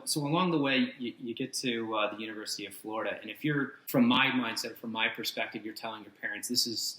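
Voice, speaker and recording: Male interviewer, halting and repetitive, bright voice, echoey room. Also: medium pitch. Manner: halting, repeats words. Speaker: podcast host. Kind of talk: interview questions. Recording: distant, roomy mic.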